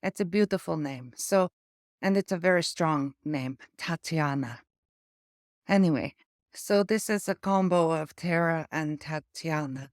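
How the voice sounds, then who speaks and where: A woman with an Eastern European accent, talking in a casual vlog, halting and searching for words with small stutters, living with aphasia after a stroke. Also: sits low, dry recording, clean studio sound. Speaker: memoir vlogger.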